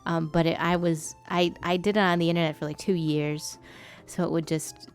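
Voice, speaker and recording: A woman's voice: on the low side, level tone, moderate pace, soft background music. A woman streamer chatting casually while she draws, swearing freely and now and then putting on a polite customer-service voice.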